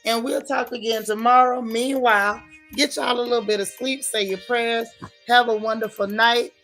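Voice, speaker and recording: A woman's voice: fairly high pitch, fairly even intonation, normal speed, fairly bright tone, faint music behind. A woman hosting a casual gossip livestream, chatting with viewers in a sassy way and repeating lines for emphasis. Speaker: host of a gossip and TV recap livestream.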